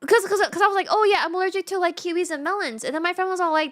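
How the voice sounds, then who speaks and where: Giggly high-voiced woman streamer. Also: rapid-fire. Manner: giggly, animated storytelling. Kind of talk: casual gaming stream chat.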